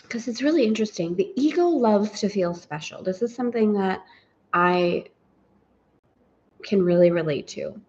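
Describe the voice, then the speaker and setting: A woman's voice: fairly high pitch, lively intonation, moderate pace, long pauses, dull audio. A woman teaching a guided spiritual lesson, reflective and personal, often speaking her inner thoughts aloud.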